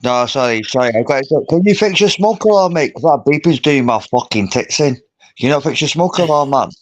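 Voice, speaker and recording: A man's voice: medium pitch, expressive, a little fast, no echo. A man in a casual voice chat, rambling, slangy and swearing a lot. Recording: dull garbled online call audio.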